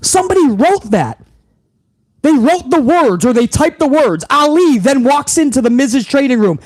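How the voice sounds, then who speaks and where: A man's voice: very high voice, lively intonation, moderate pace, no room sound. A man hosting a wrestling podcast, recapping the show in a heated, profane rant full of incredulous repeats. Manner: heated, swearing, incredulous, talks over himself with repeats.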